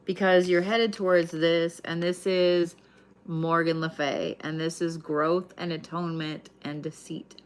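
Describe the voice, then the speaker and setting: A woman's voice: fairly low pitch, flat delivery, unhurried. A woman giving a live tarot reading in a casual, chatty way, swearing freely. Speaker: tarot card reader.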